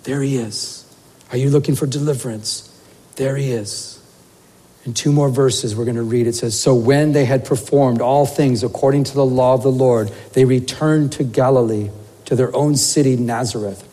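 A man preaching a sermon as a pastor, telling a story in an animated way and saying "you know" often. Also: medium pitch, moderate pace. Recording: long reverb of a church hall.

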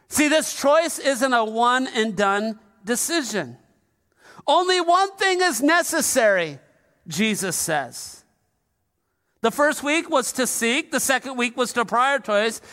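A man's voice: very high-pitched, pushed and bright. A male pastor preaching a sermon in a conversational, humorous style, with asides to the congregation in a large church. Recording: long reverb of a large hall.

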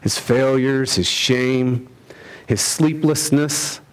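A man preaching a sermon, driving his points home with rhetorical questions and swinging between loud emphasis and hushed lines. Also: mid-range voice, fairly even intonation, takes it slowly. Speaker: pastor.

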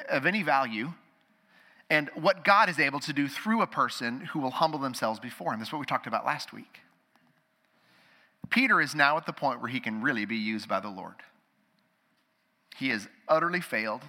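Bright-voiced preacher in a reverberant hall. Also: male voice, fairly high pitch. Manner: preaching with sweeping dynamics, from loud emphatic to hushed and slow. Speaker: pastor. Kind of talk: sermon.

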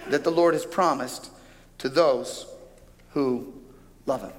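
A man preaching a sermon as pastor, speaking with animated, emphatic delivery and drawing out key phrases. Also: mid-range voice, slow, pauses often. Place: large church auditorium with a stage. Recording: long hall reverb from a large auditorium.

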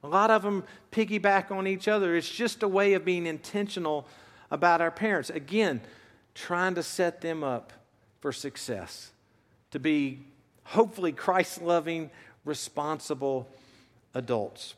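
A man's voice: on the high side, a little slow, fairly bright tone, big-room sound. A man in his fifties preaching a sermon as pastor, earnest and conversational as he tells stories and drives points home. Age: 50s. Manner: earnest, conversational storytelling with shifting emphasis.

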